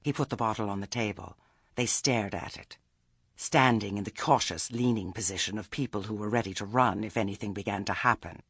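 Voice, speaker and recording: A man's voice: lowish voice, brisk, creaky, a bit bright, slightly rough, no room sound. A man reading a comic story aloud with a dry, wry delivery. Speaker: audiobook narrator. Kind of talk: storybook narration.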